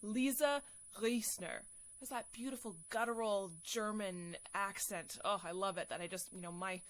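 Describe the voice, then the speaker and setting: A woman's voice: mid-range voice, fairly even intonation, normal speed, fairly bright tone. A woman with a West Coast Canadian accent hosting a podcast, effusive and enthusiastic, laughing easily. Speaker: podcast host. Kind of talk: podcast intro and interview chat.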